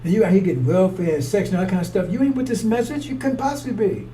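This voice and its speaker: A man with a high-sitting, dark-toned voice talks very fast, preaching a rambling, fiery street-style sermon bluntly and profanely. The mic is distant, with faint background noise.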